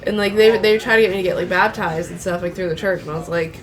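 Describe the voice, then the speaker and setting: A woman's voice: fairly low pitch, fast talker. A woman co-hosting a podcast in casual chat, laughing often and reacting with short asides. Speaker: podcast co-host.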